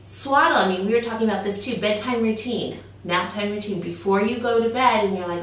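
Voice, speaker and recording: A young woman co-hosting a casual parenting chat, lively and explaining, who acts out what babies might be thinking. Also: medium pitch. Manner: animated, acts out babies' thoughts in quick voices. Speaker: co-host giving parenting advice. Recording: echoey room, mic at a distance, faint noise.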